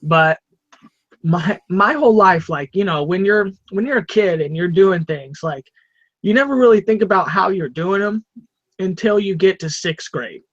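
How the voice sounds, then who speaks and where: A man co-hosting a podcast, telling a rambling, animated story in casual chat and repeating himself. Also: sits high, moderate pace, dry recording, highs cut off. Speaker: podcast co-host.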